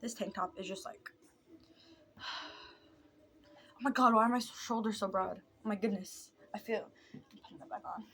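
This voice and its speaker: A woman's voice: mid-range voice, fairly even intonation, moderate pace, long pauses, fairly bright tone, slight background noise. A young adult woman chatting casually while doing her makeup, rambling and mocking herself as she drifts off topic. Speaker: vlogger.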